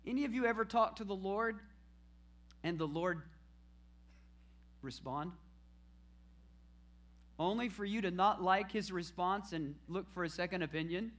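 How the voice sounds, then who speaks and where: A man's voice: high voice, a little slow, long pauses. A man preaching a sermon, asking the congregation questions and answering them himself. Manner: call-and-response preaching, rising to shouted praise at the end.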